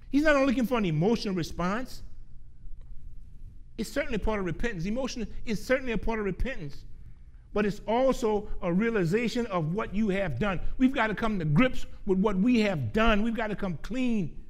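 A male preacher with a notably high voice delivers a sermon in an earnest, emphatic way. He repeats key phrases for weight and slows down when quoting scripture. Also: lively intonation.

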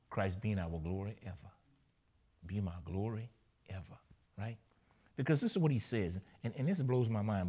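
A man's voice: on the low side, darkish tone. A man preaching a sermon, repeating phrases and checking in with his listeners. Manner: emphatic, repeats phrases and asks the listeners "right?".

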